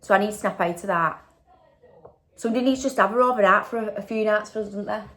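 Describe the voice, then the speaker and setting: A woman's voice: mid-range voice, fast, fairly bright tone. A woman, chatting casually in a vlog and tagging questions onto her sentences. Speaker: vlogger. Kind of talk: casual chat.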